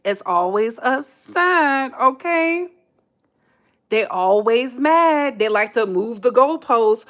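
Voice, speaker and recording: An American woman hosts her own commentary show in a sassy, emphatic style, with a voice pitched a little high. She keeps calling her listeners "baby" and stays casual and direct. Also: lively intonation, slow pace. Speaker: commentary channel host.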